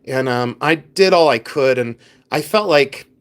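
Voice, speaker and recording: With an unhurried, clean mid-range voice, a reseller hosting a casual live stream talks straight to his audience. He's chatty and rambling, often restarting sentences and filling gaps with fillers.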